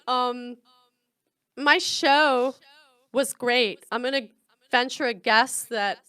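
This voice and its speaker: Woman, middle-aged, podcast host, frank and chatty, fairly high voice, dry close sound. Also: sharp tone, clear, resonant tone, no room sound. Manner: frank and chatty, laughs often. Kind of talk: casual comedic monologue.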